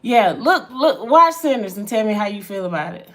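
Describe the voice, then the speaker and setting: A woman's voice: medium pitch, big pitch swings, moderate pace. A woman in her forties hosting a casual livestream as a spiritual reader, candid, swearing freely and drifting into tangents.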